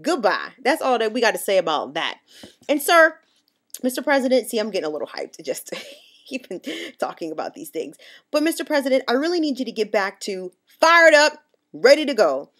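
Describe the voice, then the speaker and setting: A woman's voice: a little high, sing-song, fairly quick, a bit bright. An American woman talking straight to the camera, passionate and emphatic, often stumbling and restarting mid-sentence. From United States. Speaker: vlogger. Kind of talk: direct-to-camera political rant.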